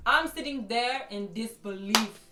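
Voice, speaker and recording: Lively high-voiced woman telling a story. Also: unhurried, distant mic. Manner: animated, slangy, keeps addressing the audience. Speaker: storytime vlogger. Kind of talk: casual storytelling to camera. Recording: echoey room with faint music.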